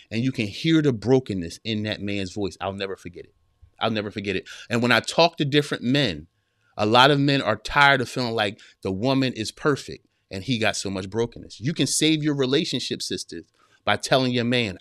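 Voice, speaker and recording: A man's voice: medium pitch, brisk, a bit bright, no echo. Forties guy hosting a podcast, keeps repeating himself for emphasis, talks right at you, dry close sound. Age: 40s. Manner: emphatic, repeats phrases, addresses listeners directly. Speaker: podcast host giving relationship advice. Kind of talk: casual counseling talk to listeners.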